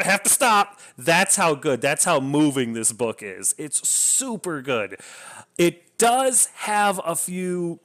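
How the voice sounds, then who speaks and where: A man's voice: medium pitch, fairly bright tone. A man casually reviewing a novel, enthusiastic and rambling, often restarting his sentences. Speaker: book reviewer.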